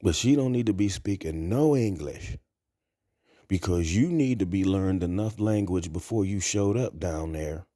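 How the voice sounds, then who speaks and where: Man, blunt crude rambling talk, mellow dark tone, dry close sound. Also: deep voice, measured pace, dry recording. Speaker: vlogger. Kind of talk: casual monologue.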